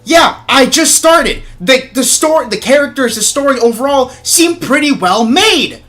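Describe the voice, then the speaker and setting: Bright-voiced young man ranting on stream. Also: very high-pitched, animated, a little slow, soft background music. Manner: ranting, swearing, apologetic after outbursts. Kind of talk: casual livestream chat while gaming.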